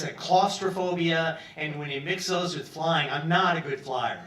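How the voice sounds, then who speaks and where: A man in his sixties from Peoria telling a long personal story on a pub stage, acting out the other people's lines and swearing freely. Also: fairly high pitch. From Peoria, Illinois, US. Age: 60s. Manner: animated, acts out other people's lines, profane. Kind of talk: live storytelling monologue. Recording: roomy, from some distance.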